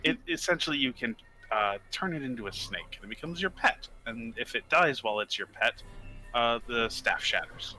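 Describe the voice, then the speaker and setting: A man's voice: medium pitch, animated, moderate pace, sharp tone, faint music behind, low-quality recording. A man playing a tabletop game, casually explaining how things work to the table. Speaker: player.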